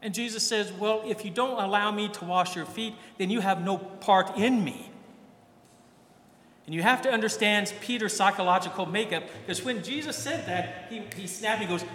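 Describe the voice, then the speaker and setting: A man's voice: high voice, moderate pace, a bit bright. A man preaching a sermon in a church, talking conversationally and acting out the voices he quotes. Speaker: priest. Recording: echoey church hall.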